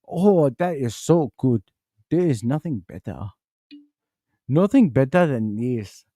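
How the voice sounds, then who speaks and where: A man's voice: a little high, moderate pace, warm tone, clean tone, no room sound, clean studio sound, pitched above the performer's own voice, natural voice. A man putting on a stiff, overly formal voice. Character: man who woke with a strange stiff voice.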